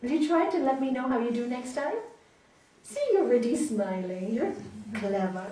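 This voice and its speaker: A woman teaching yoga speaks with a high, lively voice that swoops as she coaches her listeners, often checking in with a soft "hmm?". She sounds distant and echoey, as if recorded from across a large hall, with a faint hiss underneath. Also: normal speed. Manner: animated, gently coaching, often asks "hmm?". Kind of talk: spiritual talk answering audience questions.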